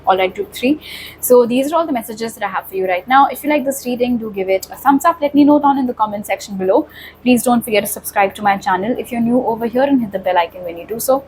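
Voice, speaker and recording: A woman's voice: a little high, fast talker, a little mellow, slight background noise, poor audio. A woman giving a pick-a-card tarot reading, talking straight to viewers in a reassuring way. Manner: reassuring, addresses viewers directly. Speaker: tarot reader.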